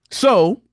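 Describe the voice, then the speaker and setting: A man in his thirties, a prophetic teacher appearing as a podcast guest, tells a personal story in a casual, earnest, candid way, with frequent fillers and restarts. He's animated, and his pitch jumps sharply higher when he quotes himself. The audio is studio quality with no room sound.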